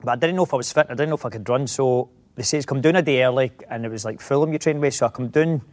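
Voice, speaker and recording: A middle-aged Scottish actor, a guest in a casual interview, rambling through anecdotes with many restarts. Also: male voice, medium pitch, very fast, a little mellow.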